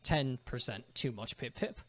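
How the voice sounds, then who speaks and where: A man's voice: mid-range voice, normal speed, a crowd in the background. A young man chatting casually while playing a video game, swearing often and teasing his friends. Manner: swears a lot, jokey and teasing.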